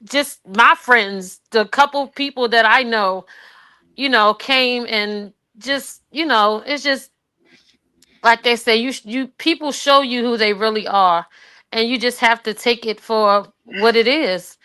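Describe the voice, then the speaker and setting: A woman with a brightly ringing, smooth voice pitched a little high talks through tears. Her speech is halting and raw, full of pauses and restarts. She sounds like someone telling her own story on a call. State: tearful. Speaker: guest sharing her grief. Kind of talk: personal testimony on a call.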